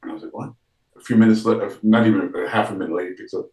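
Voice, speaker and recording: A man with a low-pitched voice tells a lively story in a casual interview, playing out the lines of the people he met. His voice sits in a roomy, echoing space. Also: very fast, recorded from a distance. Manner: animated storyteller, acts out quoted dialogue, frequent restarts. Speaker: actor, interview guest.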